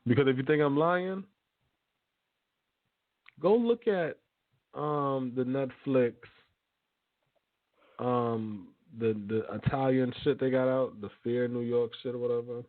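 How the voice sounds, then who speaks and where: A man's voice: mid-range voice, slow pace, pauses often, no echo. A man hosting a radio talk show, speaking loosely and profanely with lots of fillers and restarts. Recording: tinny phone-like line.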